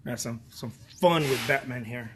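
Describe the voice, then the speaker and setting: A man's voice: medium pitch, moderate pace. A man painting on camera, chatting casually with a scratchy throat, rambling, joking and repeating himself. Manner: rambling and joking, repeats words, laughs often.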